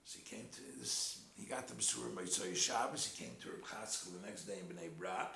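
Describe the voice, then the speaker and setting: A man giving an animated Torah class in English full of Hebrew and Yiddish terms, telling a story and explaining verses. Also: sits low, brisk, vocal fry, slight background noise. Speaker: Torah teacher. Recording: roomy echo.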